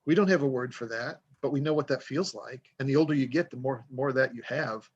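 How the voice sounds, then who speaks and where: A man's voice: mid-range voice, a little fast, breathy edge, muffled recording. A man talking casually on a podcast as an author guest, rambling and self-deprecating as he tells stories.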